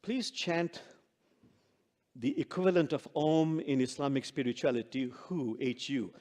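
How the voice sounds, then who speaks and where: An older man, a guest imam, giving an animated sermon full of stories and quotes, then leading a quiet meditation. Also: unhurried. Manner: animated storyteller, lively pitch swings, laughs at own jokes. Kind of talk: sermon with storytelling and guided meditation. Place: church sanctuary with long reverb. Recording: reverberant hall sound.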